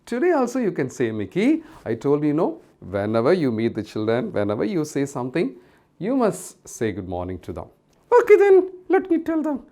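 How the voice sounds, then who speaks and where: A woman leading a children's puppet show, talking in a gentle, coaxing way and repeating things for the children. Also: a bass voice, wildly swooping pitch, brisk. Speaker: children's church teacher.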